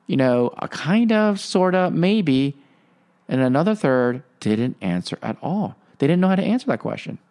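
A man's voice: creaky, a little mellow. A man hosting a Catholic podcast, talking in a rambling, casual way with many fillers and reflecting on faith. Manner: rambling, many fillers, swings pitch up for emphasis. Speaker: podcast host and Catholic teacher. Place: Franciscan lay member.

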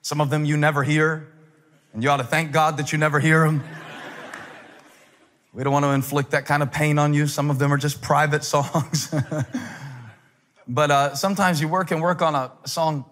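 A man in his forties preaching a sermon as a pastor, telling stories with humor and building up to shouted climaxes. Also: fairly high pitch, level tone, moderate pace, pauses often, in a large hall. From United States. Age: 40s.

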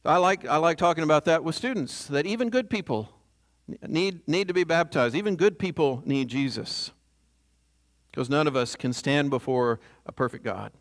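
A man's voice: on the high side, moderate pace. A man preaching a sermon in a conversational way, often checking in with the congregation. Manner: conversational, asks the congregation "right?".

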